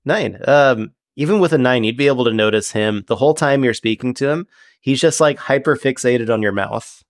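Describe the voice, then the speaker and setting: A man's voice: medium pitch, brisk, dry recording, clean studio sound. A man narrating as game master in a loose, chatty way. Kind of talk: casual tabletop game narration.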